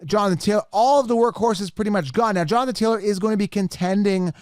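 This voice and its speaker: A man with a high voice talks through a live mock draft as a fantasy football host. He is animated, addresses his viewers directly and gets exasperated as picks go. The sound is dry and close. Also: quick pace, no echo.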